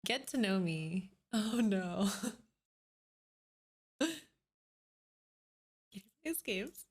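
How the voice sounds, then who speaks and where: A woman in her late twenties, a streamer chatting casually while reacting to old clips, laughing often, swearing freely and breaking into loud excited outbursts. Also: mid-range voice, drawn-out words.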